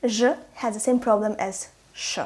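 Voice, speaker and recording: A woman with a Russian accent teaching pronunciation to camera, playful and encouraging, sounding out words slowly. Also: on the high side, steady tone, a little mellow. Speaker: language teacher. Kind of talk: language lesson to camera.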